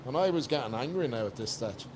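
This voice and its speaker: An Irish man, a guest coach on a podcast, speaks in a mid-range voice with animated energy and a quick pace. He's blunt and emphatic, swearing freely in casual chat, with noticeable noise in the background.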